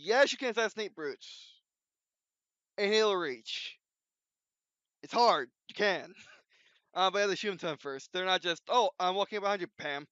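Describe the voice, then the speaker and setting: A man with a high, clean, smooth voice talks unscripted, circling back on himself with restarts and "um"s. The recording is dull and lo-fi but dry, with no room sound. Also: expressive, moderate pace, pauses often, a bit bright, no echo. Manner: rambling, many restarts and fillers. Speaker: video host. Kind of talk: unscripted casual commentary.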